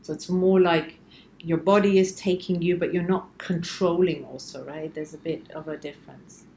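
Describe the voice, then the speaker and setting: A woman's voice: lowish voice, fairly even intonation, moderate pace, creaky, warm tone, roomy sound, a little hiss or hum, poor audio. A woman hosting a conversational interview, enthusiastic and affirming as she asks probing questions. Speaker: host.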